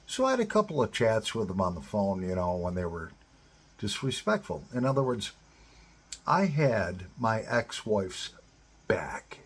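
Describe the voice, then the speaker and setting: A middle-aged man with a deep-set, heavily raspy voice, talking bluntly and profanely to other men. His delivery is a casual advice monologue, direct and plain-spoken, with rough language throughout. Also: big pitch swings, measured pace. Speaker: advice-giver to divorced fathers.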